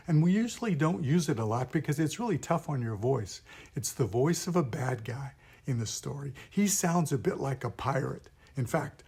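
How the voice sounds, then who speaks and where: A man, a pastor, teaching puppet voices in a gentle, patient, step-by-step lesson. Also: mid-range voice, lively intonation, normal speed, husky. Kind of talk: instructional video lesson.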